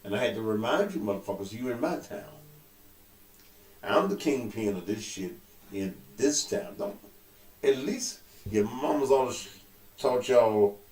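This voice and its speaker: A man with a cold, hosting his own show with loud, profane commentary that swings between low mutters and outbursts. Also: animated, unhurried. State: suffering with a cold. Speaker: show host. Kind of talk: casual talk-show commentary. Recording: echoey room.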